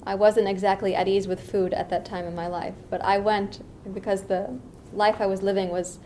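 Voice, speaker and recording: Middle-aged woman from the US East Coast, meditation teacher giving a dharma talk; unhurried and reflective, mid-range voice, lively asides. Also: mid-range voice, a little hiss or hum.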